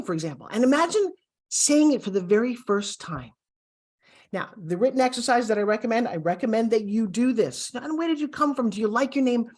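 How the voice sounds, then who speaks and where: A middle-aged woman teaching a video course, speaking in an upbeat coaching style straight to the viewer. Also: mid-range voice. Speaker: course instructor.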